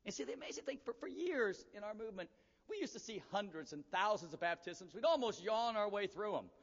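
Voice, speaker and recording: A man's voice: high voice, animated, fairly quick. A man preaching a sermon, telling a story and acting out the dialogue of the people in it. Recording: echoey hall, dull lo-fi sound.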